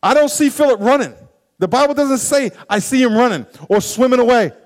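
A man preaching a sermon, animated and acting out scenes and quoted voices for the congregation. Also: very high voice, a little fast. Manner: animated, acts out stories and quotes. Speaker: pastor.

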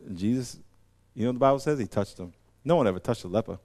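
Speaking fast in a mid-range voice with lively intonation, a man delivers a conversational sermon. Slang and impersonated voices pepper it as he moves from soft asides up to booming, emphatic peaks.

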